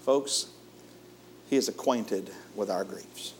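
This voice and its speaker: A man preaching a sermon in a folksy way, chuckling often and moving between lively and hushed delivery. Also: fairly low pitch, slow pace, a little hiss or hum.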